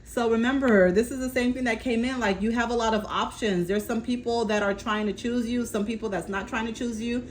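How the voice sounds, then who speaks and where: A fairly high-pitched woman talks a little fast, barely pausing, over faint hiss or hum on a low-quality recording. As a tarot reader doing a casual reading to camera, she offers reassurance, streams messages from spirit, and keeps saying "okay?"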